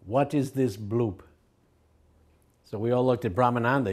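A man's voice: medium pitch, a little slow, darkish tone. An older man recalling his teacher in an interview, telling anecdotes and acting out the quoted voices with a chuckle.

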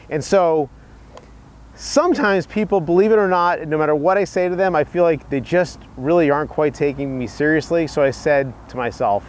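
Brief: male golf instructor, fairly high voice, earnest and chatty, filmed outdoors. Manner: earnest, storytelling, some restarts. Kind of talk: instructional video. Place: outdoor golf practice area.

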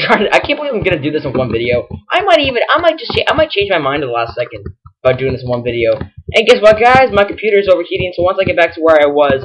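Young male gamer narrating his playthrough, animated and fed up, shouting at foes. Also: fairly high pitch, slight background noise. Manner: excitable, exasperated, yells at enemies. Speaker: gaming channel host. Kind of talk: casual let's-play commentary.

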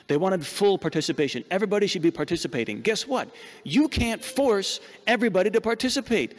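A man's voice: fairly high pitch, big-room sound. A man preaching a sermon as a priest, emphatic and repeating words as he searches for them.

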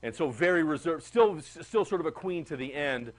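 A man lectures his class in an animated, chatty way, often turning to the students with quick questions. His voice sits a little on the high side. He sounds like he is in a classroom. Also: rough recording. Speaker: history teacher.

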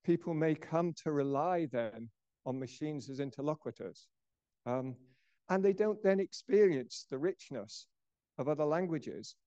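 An older man giving a lecture as a professor, explaining in a measured way and dropping softer at the ends of phrases. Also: on the high side, expressive, no echo, muffled recording. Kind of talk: lecture presentation.

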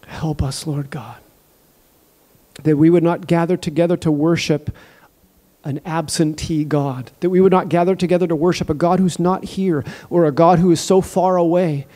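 A man's voice: fairly high pitch, fairly even intonation, normal speed, dark tone. A man preaching a sermon and praying fervently, with emphatic repetition of phrases. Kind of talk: sermon with prayer.

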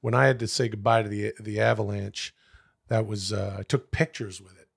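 Gravelly man rambling casually. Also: on the low side, a little fast. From Canada. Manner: rambling, fillers, bursts of excitement. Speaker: podcast co-host. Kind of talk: casual chat.

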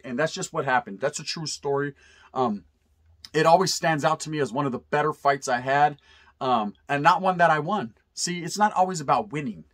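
A middle-aged man tells a story in a casual, animated way, loaded with profanity and street slang. His voice is husky and sits a bit high for a man. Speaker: storyteller vlogger.

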